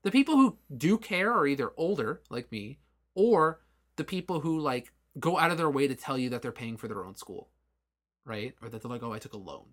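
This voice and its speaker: A man in his late twenties co-hosting a podcast, talking casually and animatedly, with frequent swearing. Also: a little high. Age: late 20s. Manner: animated, swearing, quick asides. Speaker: podcast co-host. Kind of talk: casual chat.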